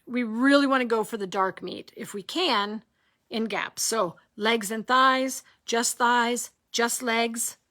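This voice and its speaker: Bright, animated woman teaching cooking. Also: on the high side. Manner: animated, rhetorical questions, checks in with "okay?" and "right?"; jokes with her audience. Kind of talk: live online teaching.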